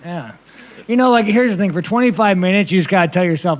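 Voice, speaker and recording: A man's voice: high voice, lively intonation, quick pace. A man, a fighter at a press conference, answering questions in a blunt, profane, rambling way.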